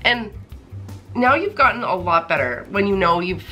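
A woman's voice: mid-range voice, normal speed, soft background music. A young woman in her twenties chatting casually in a couple Q&A, giggly and rambling through long answers. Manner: giggly, lively, talks in long run-on answers. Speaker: YouTuber and girlfriend answering questions.

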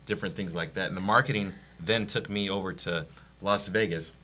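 Man, interview guest, very deep but bright voice, lively pitch, easygoing. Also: brisk. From San Diego. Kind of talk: casual interview.

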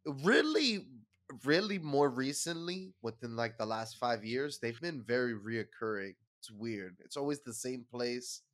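A man's voice: medium pitch, normal speed, hardly any pauses. A man co-hosting a podcast, musing in casual chat. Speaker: podcast co-host.

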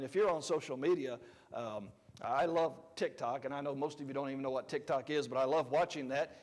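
High-voiced preaching pastor in a reverberant hall. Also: male voice. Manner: conversational preaching with sudden shifts between loud emphasis and quiet asides. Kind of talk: sermon. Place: church sanctuary.

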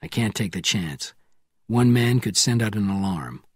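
A man reading an audiobook, voicing a controlled male spy who speaks quietly and curtly. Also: lively intonation, a little slow, husky, no echo, studio quality. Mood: firm. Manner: quiet, low and clipped.

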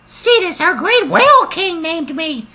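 A man voicing a chatty, hasty male dolphin in a squeaky, birdlike voice, rambling and excitable. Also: a little slow, heavily acted.

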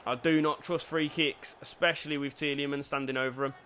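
A young man giving lively commentary over a football video game, dropping to quiet play-by-play and bursting into shouted cheers. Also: fairly high pitch, brisk, slight background noise. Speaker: gaming YouTuber.

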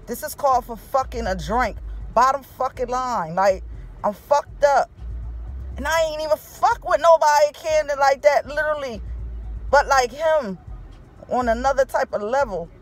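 A woman's voice: high voice, normal speed, faint music behind. Grieving, swearing woman vlogging from her car. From Philadelphia, USA. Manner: raw, grieving, heavy swearing. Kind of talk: emotional selfie vlog.

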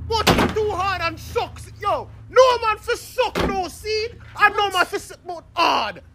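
A man's voice: very high-pitched, expressive, unhurried, noisy background, voice pushed up, exaggerated voice. A man voicing a strict, hot-tempered Jamaican uncle in a comedy skit, scolding and exclaiming in outrage. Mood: outraged.

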